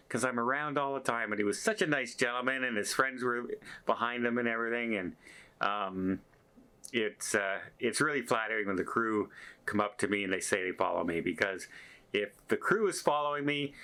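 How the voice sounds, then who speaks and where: A man's voice: on the low side, bright, forceful tone. A man telling stories to the camera as a cruise vlogger, in an earnest, appreciative and rambling way. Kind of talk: casual storytelling to camera.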